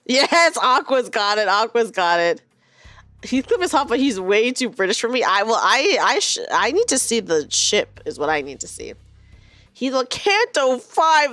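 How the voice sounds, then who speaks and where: A woman's voice: on the high side, a bit bright, no echo. A young woman streaming a game, chatting casually, giggling and reading the game's lines aloud.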